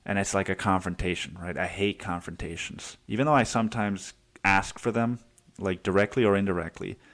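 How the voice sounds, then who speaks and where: A man's voice: low-pitched, brisk, a bit bright. Profane young man ranting casually. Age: 20s. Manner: profane, heated, acts out quotes. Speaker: podcast host. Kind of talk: casual storytelling monologue.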